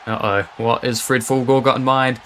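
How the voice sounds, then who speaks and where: Male wrestling commentator, excitable play-by-play, constant gasps, noisy stream audio. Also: mid-range voice. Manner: fast reactive play-by-play, frequent gasps and exclamations.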